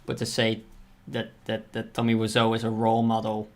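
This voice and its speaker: A man hosts a livestream and chats casually while drawing. His voice is low-pitched and stays fairly flat. He rambles, corrects himself mid-thought and swears now and then. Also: fairly quick. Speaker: livestream host.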